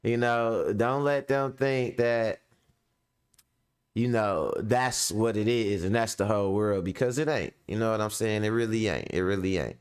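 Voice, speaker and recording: A middle-aged man hosting a casual commentary show, telling stories in slang and acting out voices in a high, squeaky pitch. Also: a little slow, clean tone.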